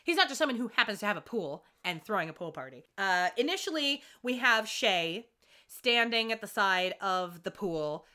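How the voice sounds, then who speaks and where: A woman co-hosts a podcast, recapping an episode in casual chat with a mid-range voice at a moderate pace. She's animated, acting out the characters' lines in quotes.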